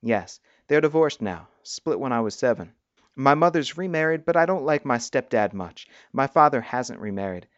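A man voicing a smooth, pleasant young man made of mosaic pieces in a storybook reading. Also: medium pitch, lively intonation, normal speed, no echo, dull audio, natural voice.

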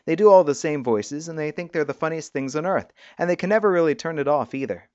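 A man voicing a curious, wary young woman with quick, skeptical retorts in a storybook reading. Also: fairly high pitch, expressive, darkish tone, no room sound, dull audio, pitched above the performer's own voice, natural voice.

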